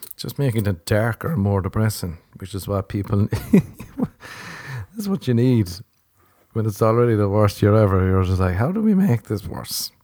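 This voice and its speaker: An Irish man in his thirties hosts a podcast, rambling through a sweary, self-mocking comedy monologue. His voice is on the low side, expressive and warm, at normal speed, with dry, clean studio sound.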